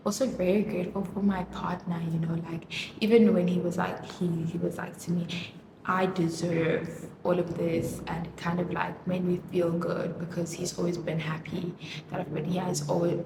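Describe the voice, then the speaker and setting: A woman's voice: fairly low pitch, level tone, moderate pace. A woman vlogging casually while doing her makeup, gushing and emotional, with lots of fillers. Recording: roomy echo with clear background noise.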